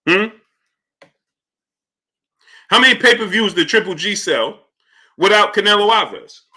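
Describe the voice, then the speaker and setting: A man hosts a live stream in a bright, forceful voice pitched a little high. He talks casually and emphatically, hammering his points with repetition and calling out to his viewers. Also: lively intonation, unhurried. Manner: emphatic, repeats himself, greets viewers.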